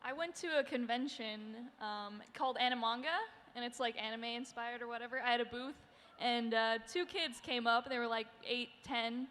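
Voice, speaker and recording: Laid-back woman, bright higher voice. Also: steady tone, moderate pace. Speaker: animator panelist. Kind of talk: casual panel storytelling. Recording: reverberant hall.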